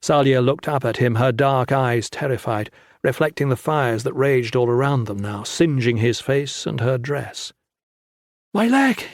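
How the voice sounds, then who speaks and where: A man narrating a fantasy audiobook with steady, dramatic storytelling on a close studio mic. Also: mid-range voice, normal speed, dry recording.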